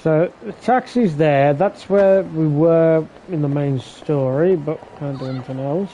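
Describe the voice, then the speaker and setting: A tired man streams a game late at night, talking slowly in a mellow, darker voice. He swears casually and fights off yawns between dry remarks. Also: slight background noise. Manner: tired, swears often, low-key. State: sleepy, yawning. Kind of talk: casual gameplay commentary.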